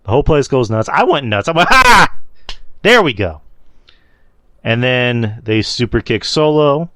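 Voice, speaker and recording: A man's voice: medium pitch, normal speed, no room sound. A man hosting a podcast, casually recapping wrestling shows in a loose, rambling way, swearing and laughing at his own slips. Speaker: podcast host.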